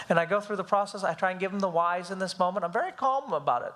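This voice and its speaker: Guy teaching a parenting class, talks fast in a high voice, acts out his kids. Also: a bit bright. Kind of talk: live church class talk.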